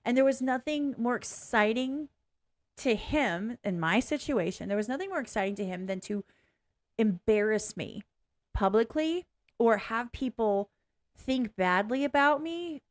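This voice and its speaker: A woman with a slightly high, expressive voice speaks at an unhurried pace. Hosting a reaction video, she's frank and blunt, rambling, cursing, and cutting herself off as she gives casual personal commentary.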